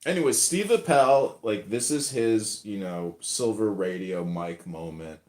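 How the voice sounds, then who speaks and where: A man's voice: on the low side, unhurried, a little mellow. A man hosting a casual talk show, telling stories in a rambling, profane way and acting out quotes. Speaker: podcast host. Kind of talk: casual chat, storytelling. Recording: roomy echo.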